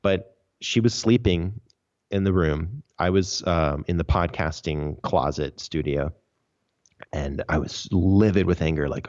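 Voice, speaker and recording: A man's voice: low voice, expressive, moderate pace. A man, a podcast guest, recounting his story earnestly and emphatically in a casual interview. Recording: dull lo-fi audio.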